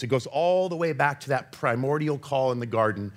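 A man giving an impassioned faith talk as a Christian author, earnest and confessional, swinging between urgent and hushed. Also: mid-range voice, lively intonation, brisk.

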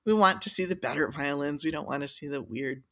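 A woman's voice: low-pitched, fairly quick. A woman who makes violins, telling a workshop story in casual chat, with lots of fillers and restarts. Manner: chatty, many fillers and restarts, laughs often. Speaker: violin maker, podcast guest.

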